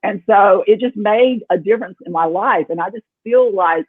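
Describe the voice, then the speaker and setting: A woman's voice: medium pitch, normal speed, breathy edge, no room sound. A woman talking as a real estate team leader on a video-call panel. She is upbeat and earnest, with a playful streak. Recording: tinny phone-like call audio.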